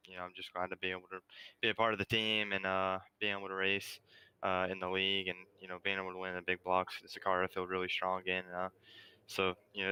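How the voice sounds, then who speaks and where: A man's voice: low-pitched, sharp tone, clear, resonant tone, no echo, poor audio. A man interviewed after winning a race, talking casually and sounding pleased. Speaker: sim racing driver, race winner.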